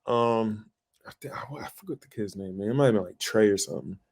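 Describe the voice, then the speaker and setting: A young man co-hosting a podcast, telling a story in casual chat, animated and swearing freely as he acts out what he said back then. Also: on the low side, a little fast, creaky. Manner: animated, swears a lot, acts out his own past lines. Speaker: podcast co-host.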